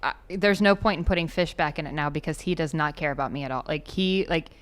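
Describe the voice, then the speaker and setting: A woman telling a funny story in casual chat, animated and acting out her own pleading and yelling. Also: low-pitched, fast. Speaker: podcast guest.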